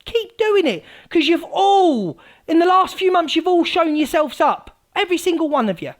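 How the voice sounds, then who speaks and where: A woman hosting a live stream, ranting scathingly at rivals, mocking them and swinging from loud outbursts to low mutters. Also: sing-song, normal speed. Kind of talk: heated live-stream rant.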